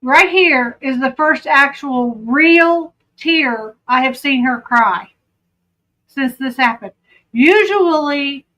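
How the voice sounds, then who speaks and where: High-voiced Southern woman, slow and chatty. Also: a bit bright, dull audio. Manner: chatty, self-interrupting. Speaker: true crime commentator. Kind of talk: casual commentary.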